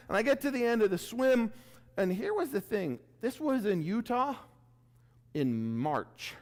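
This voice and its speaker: A male keynote speaker with a high, very lively voice swings wildly up and down as he tells a self-mocking story. He acts out his own reactions as he goes. The sound carries a long reverb, as if from a big hall. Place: large event room before an audience.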